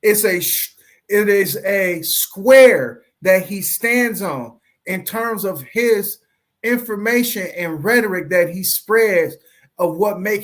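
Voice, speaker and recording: A man with a light Southern accent giving slow, preachy commentary on a livestream, full of rhetorical questions and drawn-out emphasis. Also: high-pitched, a bit bright. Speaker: panelist.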